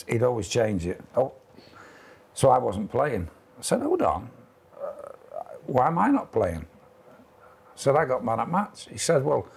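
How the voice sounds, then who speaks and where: Gravelly husky former footballer. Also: male voice, fairly low pitch, darkish tone. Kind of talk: casual interview anecdotes.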